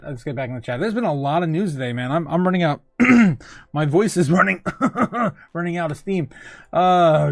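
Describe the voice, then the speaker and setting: Male livestream host, casual newsy chatter, raised pitch, dry booth-like sound, lots of "uh" and laughter. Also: dry recording. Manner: chatty, frequent fillers and laughing asides. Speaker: crypto show host. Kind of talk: casual livestream news and chat.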